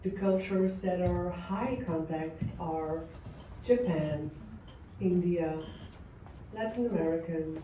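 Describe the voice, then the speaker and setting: Woman lecturing real slow, mellow voice, sounds far off in an echoey room. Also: fairly low pitch, a little hiss or hum. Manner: slow, explanatory, acts out short quoted examples. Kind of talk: recorded lecture on culture. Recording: echoey, distant, dull audio.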